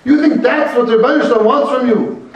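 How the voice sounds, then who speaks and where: A man's voice: very high voice, a little fast, pitched above the performer's own voice. A man voicing an earnest old rabbi who rebukes a rich man with fervent, pressing rhetorical questions. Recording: very echoey room, mic far off.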